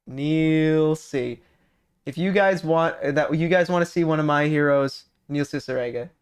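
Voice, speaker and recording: An unhurried, smooth, fairly high male voice belongs to a Californian streamer. He chats casually with viewers as he reads their messages, animated and profane, rambling and restarting sentences many times.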